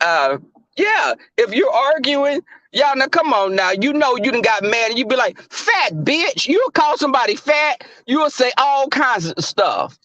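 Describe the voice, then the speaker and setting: Young male streamer, high voice, animated and profane; dull, dry mic. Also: dry recording. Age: young adult. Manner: animated, profane, laughing, calls out chat viewers. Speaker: livestream host. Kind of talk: casual livestream chat with viewers.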